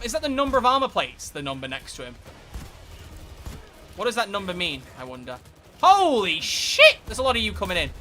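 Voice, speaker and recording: A man giving live, excitable gameplay commentary as a streamer, swearing and bursting into shouts. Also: high-pitched. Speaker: game streamer.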